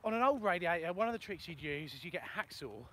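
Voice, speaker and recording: Tradesman host, raised pitch, self-mocking, casual live-stream chat in the open countryside. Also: big pitch swings, fast, fairly bright tone, a little hiss or hum. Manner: chatty, self-mocking, answers viewer questions. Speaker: plumber and video host. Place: outdoors in a ploughed field in the countryside. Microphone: phone for a live video.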